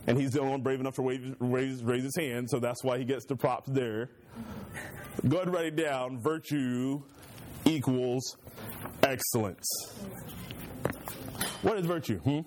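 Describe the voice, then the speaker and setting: A man's voice: mid-range voice, normal speed, pauses often, a little mellow, slight background noise. A male pastor teaching a church Bible class in a conversational, joking way, using homey stories to make his points.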